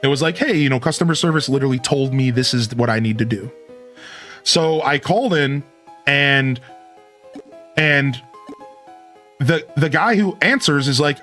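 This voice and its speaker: A man streaming, telling a long story to his chat and acting out both sides of phone calls with sudden jumps in pitch. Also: moderate pace, long pauses, a bit bright, faint music behind.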